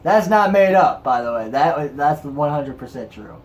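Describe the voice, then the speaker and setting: A man's voice: a little high, lively intonation, moderate pace. A man co-hosting a casual chat, telling crude stories in a put-on Southern drawl. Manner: crude joking, storytelling. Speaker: co-host.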